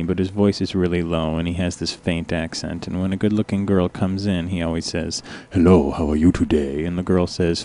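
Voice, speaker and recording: A young man tells a comic story in a deadpan, wry drone. His voice sits very low and gravelly, with a faint hiss of noise behind it. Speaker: narrator.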